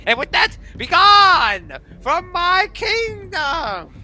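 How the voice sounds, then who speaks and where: A man voicing an excitable, eccentric little male kobold king who exclaims in a shrill, strained voice. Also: extremely slow, faint music behind, heavily acted. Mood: exclaiming.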